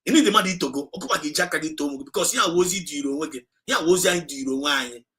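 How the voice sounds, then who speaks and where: A man with a Nigerian accent addresses his livestream audience in an impassioned, exhorting way, repeating phrases for emphasis. His voice sits fairly high and sounds bright and forceful. He switches between Igbo and English mid-sentence. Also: rapid-fire, poor audio. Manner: urgent, repetitive, exhorting listeners. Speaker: activist livestream host.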